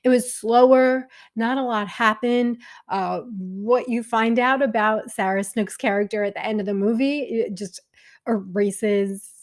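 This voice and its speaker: A woman's voice: on the high side, measured pace. A woman casually reviewing films she watched, chatty and candid, with frequent fillers. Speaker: film vlogger.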